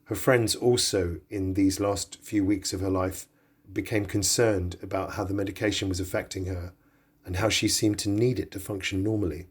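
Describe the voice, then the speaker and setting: A man narrating a documentary podcast in a measured, sober reading. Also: deep voice, fairly even intonation, husky. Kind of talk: scripted narration.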